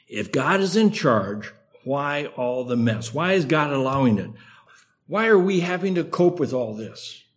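An older male preacher delivering a sermon with a slight lisp. His voice sits a little higher than most men's, and he speaks in a measured, earnest way, building emphasis through repetition. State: slight lisp from a sore tongue.

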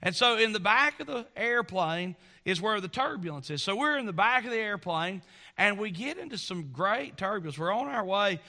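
High, bright-voiced preacher man. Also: normal speed. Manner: folksy, animated storytelling with acted-out voices. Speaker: pastor. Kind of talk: sermon with storytelling.

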